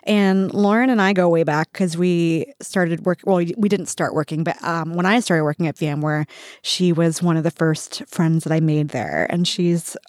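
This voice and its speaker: A woman's voice: lowish voice, moderate pace, darkish tone, no room sound, studio quality. Chatty woman co-hosting a podcast. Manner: chatty, laughs often, self-interrupting. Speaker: podcast co-host. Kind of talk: casual chat.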